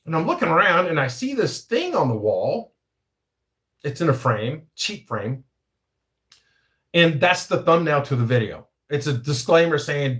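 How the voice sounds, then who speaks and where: A man's voice: on the high side, big pitch swings, measured pace, pauses often, a bit bright. A man hosting his own show, telling a story in a profane, rambling, self-interrupting way. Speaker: podcast host. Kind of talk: casual storytelling.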